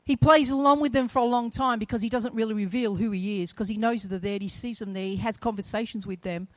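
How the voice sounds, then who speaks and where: A woman preaching a sermon, retelling a story with shifts from quiet to loud, emphatic passages. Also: a little high, steady tone, fast talker, no room sound.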